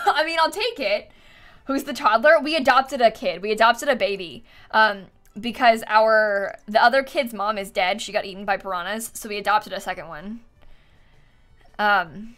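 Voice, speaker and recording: A woman's voice: fairly high pitch, lively intonation, moderate pace, a bit bright. A woman streamer chatting casually while playing a game, laughing often and thanking viewers for donations. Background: faint background music.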